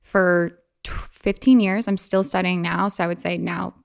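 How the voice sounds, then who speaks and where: An animated young woman, speaking casually as an interview guest, talks at a moderate pace with vocal fry. She likes to quote others in a playful, high-pitched voice.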